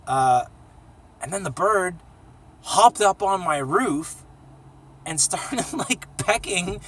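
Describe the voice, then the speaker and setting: A man's voice: high voice, expressive, slow pace, pauses often, a bit bright, recorded from a distance, a little hiss or hum. A man telling casual, profane stories in a rambling vlog from a small cramped space. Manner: profane, laid-back storytelling with sung jingle. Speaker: vlogger.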